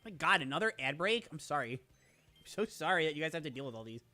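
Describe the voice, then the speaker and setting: A playful male streamer chats with his viewers in a high, bright voice. His pitch swoops all over as he rambles, restarts and reads out chat. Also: very animated, quick pace, soft background music. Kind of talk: casual live-stream chat.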